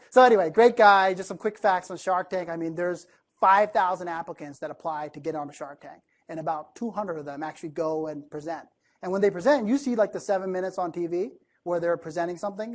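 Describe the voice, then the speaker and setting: A man from the East Coast of the United States giving a conversational keynote talk to a room of listeners, chatty and lively, often asking the audience questions. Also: fairly high pitch. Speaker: keynote speaker.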